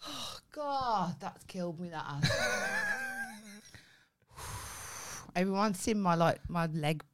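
Brief: Brummie woman podcast co-host, sweary, giggly, pitch bouncing all over. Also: slow pace. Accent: Birmingham. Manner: sweary, laughing, excitable. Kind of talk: casual comedy podcast chat.

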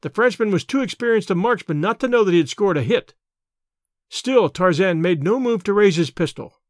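A man narrating an audiobook adventure in a steady, clear storytelling delivery. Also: high-pitched, normal speed, dry recording, studio quality. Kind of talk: scripted narration.

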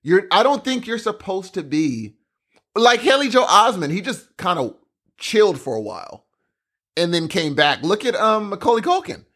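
A young man on co-host duty, chatting casually, animated and excitable. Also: sits high, moderate pace. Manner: animated, excitable, says "dude" a lot. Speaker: podcast co-host. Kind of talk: casual chat.

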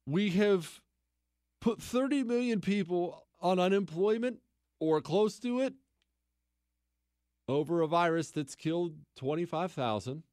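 Male radio host, high voice, wildly lively pitch, sarcastic, mocking repetition, dry close sound. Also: measured pace, long pauses, clear, resonant tone, dry recording. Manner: animated, swings into incredulous high outbursts. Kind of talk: political talk radio monologue.

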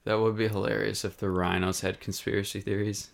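A man's voice: fairly low pitch, flat delivery, brisk, gravelly. A man co-hosting a podcast, joking and chiming in with wisecracks in casual banter. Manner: jokey, wisecracking. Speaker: podcast co-host.

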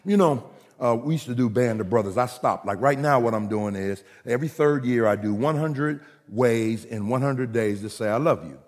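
A man preaching a sermon as pastor, animated and jokey, swinging between loud and soft. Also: medium pitch, moderate pace. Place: church hall. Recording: reverberant hall recording.

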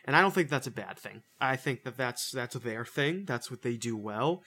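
A man's voice: medium pitch, animated, normal speed, sharp tone. A man casually reviewing a movie on a podcast, loose and profane, full of fillers and restarts. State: says he is a little high. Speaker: podcast co-host.

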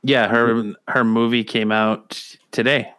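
A man hosting a casual podcast chat, talking in a relaxed, easygoing way. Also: mid-range voice, slow pace, no room sound.

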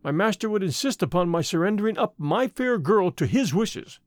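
A man's voice: high-pitched, expressive, moderate pace, dry recording, studio quality. A man voicing a secretive male hunter who fled his lord, speaking in a terse, commanding way in a story reading.

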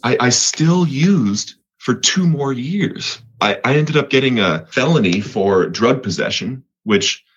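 A man's voice: mid-range voice, lively intonation, measured pace, few pauses, fairly bright tone, husky, lo-fi sound. A man from Colorado, earnest and repetitive, telling his story of getting clean as an interview guest. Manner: earnest, repeats words, voice rises when reliving moments. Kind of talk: personal testimony in an interview.

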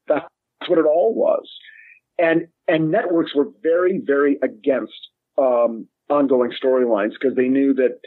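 A man's voice: medium pitch, breathy edge, no echo. Man on a tinny remote line. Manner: animated, restarts often and acts out quoted lines. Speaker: screenwriter guest. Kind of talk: casual podcast discussion.

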